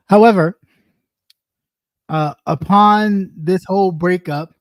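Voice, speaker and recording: Host for a casual commentary show: crude, mocking and profane, slow and dry, winded, with long "mm" eating noises. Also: mid-range voice, no echo. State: out of breath.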